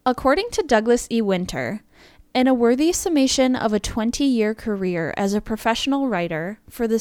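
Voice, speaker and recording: A woman's voice: medium pitch, a little mellow, dry recording. A woman co-hosting a podcast, reading a prepared script and breaking off now and then with laughing asides. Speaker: podcast co-host.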